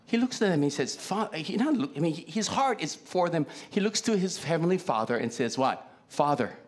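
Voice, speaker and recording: Pastor, male; animated, very lively pitch, chatty Q-and-A preaching style. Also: fairly quick. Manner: conversational, asks the congregation many questions. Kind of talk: sermon. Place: church.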